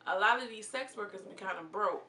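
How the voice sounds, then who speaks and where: Bright-voiced woman recapping reality TV. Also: medium pitch, fairly quick. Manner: animated, retells scenes in quoted voices. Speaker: reality show reviewer. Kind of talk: casual recap commentary. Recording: echoey room, faint noise.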